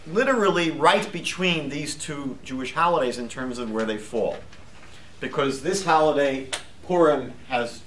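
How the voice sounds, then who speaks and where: A man teaching a live class as a rabbi, lively and chatty, posing questions to the group. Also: on the high side, slight background noise. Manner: lively, asks the class questions, jokes lightly.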